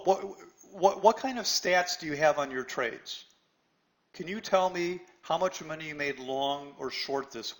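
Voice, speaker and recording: A man teaching trading to an online class in a slightly high voice. He is blunt and pushy, keeps checking with "right?", and trips over his own restarts as he challenges students by name. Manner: blunt, repeats "right?" often, stammers on restarts. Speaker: trading instructor. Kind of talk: live webinar lesson.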